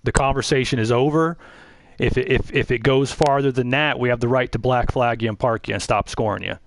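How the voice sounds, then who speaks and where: A man running a pre-race drivers' briefing for an online racing league, relaxed and rambling, with frequent restarts. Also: medium pitch, brisk, dry recording, low-quality recording. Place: online voice chat.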